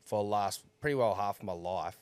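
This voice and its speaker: Young Aussie co-host, low register, blunt and sweary, dry close sound. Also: male voice, fairly quick, clean tone, no echo. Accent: Australian. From Australia. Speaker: podcast co-host. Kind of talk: casual chat.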